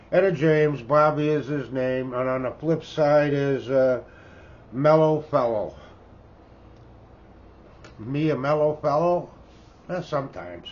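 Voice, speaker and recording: An older Canadian man in his seventies talks slowly and folksily, wandering off on asides and tacking "eh?" onto his remarks. His voice comes through dull and lo-fi, with a faint hiss underneath. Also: mid-range voice. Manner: rambling, folksy, tags remarks with "eh?". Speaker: record collector. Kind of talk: casual show-and-tell chat. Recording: dull lo-fi sound with faint background noise.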